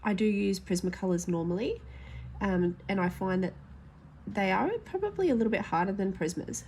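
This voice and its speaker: A woman's voice: mid-range voice, animated, normal speed, a little mellow, slight background noise. A woman with a stuffy, nasal voice from hay fever, chatting frankly as she swatches pencils for her colouring vlog. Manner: chatty, frank, thinking aloud. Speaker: adult colouring YouTuber. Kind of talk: casual swatch-testing vlog.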